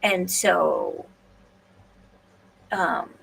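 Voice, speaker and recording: Casual solo host, female, gravelly voice, rambling and hesitant, recorded from a distance. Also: on the low side, huge pitch swings, very slow, a bit bright. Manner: rambling, hesitant, restarts and fillers. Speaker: podcast host. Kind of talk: casual solo livestream talk. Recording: distant mic, faint room noise.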